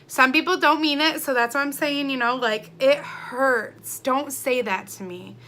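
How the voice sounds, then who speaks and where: Woman, young adult, candid confessional vlog, emotional and rambling, bright tone, slightly high voice. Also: unhurried. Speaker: vlogger.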